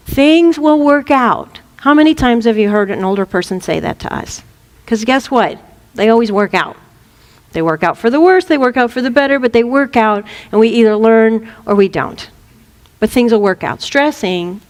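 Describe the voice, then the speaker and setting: A woman with a high voice gives a spiritual teaching talk in a playful, lively way, laughing often and slipping into little acted voices. She speaks as a minister to her listeners. The sound carries a long hall reverb.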